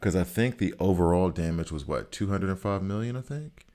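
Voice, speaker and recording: A man's voice: low-pitched, lively intonation, fairly quick, mellow. A man casually chatting with his viewers as he plays a game on stream, thinking aloud about stats and choices. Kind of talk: casual live-stream commentary while playing.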